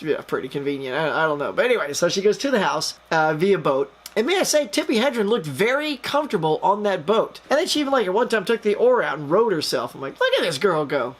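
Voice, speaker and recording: A man's voice: high-pitched, fairly bright tone. Chatty man rambling through a plot. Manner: chatty and rambling, full of "you know" and "like"; jokey, scoffing asides. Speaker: movie reviewer. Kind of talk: casual retelling of a film plot.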